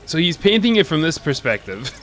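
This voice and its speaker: A man's voice: a little high, very animated, a little fast, a bit bright, faint music behind. A man streaming a video game, joking and curious as he comments on what he sees. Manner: joking, curious, often laughing. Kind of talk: gameplay commentary.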